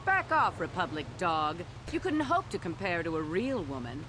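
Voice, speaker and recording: A haughty alien woman who takes offense easily. Her lines come cold and threatening, with a lively rise and fall in pitch. Loud ambient game noise sits behind her. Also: normal speed. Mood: scornful. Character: haughty hostile female alien, easily insulted.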